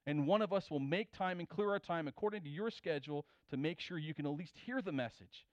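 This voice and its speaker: A man's voice: on the high side, fairly quick, no room sound. A man preaching a sermon in a conversational way, retelling scripture and asking his listeners questions. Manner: conversational, asks the audience questions. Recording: dull, dry recording.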